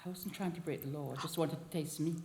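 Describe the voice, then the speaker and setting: Lady volunteer as a sheepish wife, low quiet voice, far off, crowd around. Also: steady tone, fast talker. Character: village wife caught eating. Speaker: audience volunteer. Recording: far from mic, audience noise.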